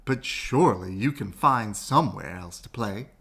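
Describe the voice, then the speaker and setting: A man's voice: on the low side, lively intonation, normal speed, a bit bright, husky, full character voice. A man voicing a hopeful, determined young woman with a put-on Southern accent, in a storybook read-aloud. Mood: dismayed.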